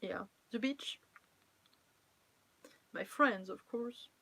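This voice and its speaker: A young woman streamer, a French cosplayer with a French accent, talks extremely slowly in a mid-range voice marked by vocal fry, a bright, forceful tone, and a breathy edge. She chats casually and playfully on her live stream, laughing often and teasing viewers.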